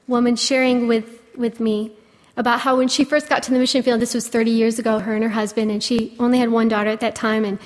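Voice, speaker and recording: A woman preaching a sermon, speaking in an earnest, gentle way with many "you know" fillers. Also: a little high, big-room sound.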